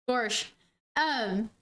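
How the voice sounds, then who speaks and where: Giggly high-voiced woman streamer. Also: a bit bright. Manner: giggly and rambling, laughing often; slangy, says 'dude' and 'freaking' a lot. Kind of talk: casual gaming stream chat.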